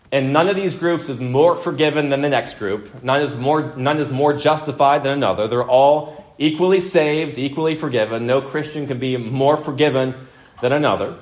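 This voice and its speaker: A man preaching an expository sermon, stressing his points by repeating them and putting questions to the congregation. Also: mid-range voice. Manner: emphatic, repeats points for emphasis, asks the room questions. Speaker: pastor.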